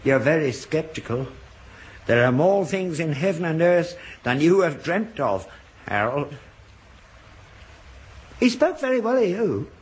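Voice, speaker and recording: A man's voice: on the high side, sing-song, a little slow, long pauses. An older man in a British radio sitcom, playing an earnest, gullible father who grows indignant when mocked.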